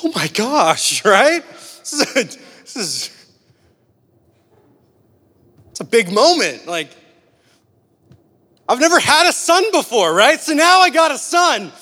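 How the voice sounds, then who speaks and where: A young male preacher with a high, light voice that rings out through a big hall with a long reverb tail. He talks in an animated, casual way, full of "like" and "right?" asides. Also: unhurried. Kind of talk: sermon with personal story.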